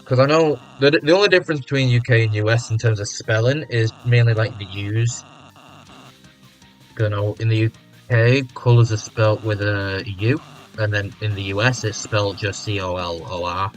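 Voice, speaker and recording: A man's voice: on the low side, fairly even intonation, moderate pace, soft background music. Rambling British man streaming a game. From United Kingdom. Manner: rambling, thinking aloud, self-questioning. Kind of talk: casual gameplay commentary.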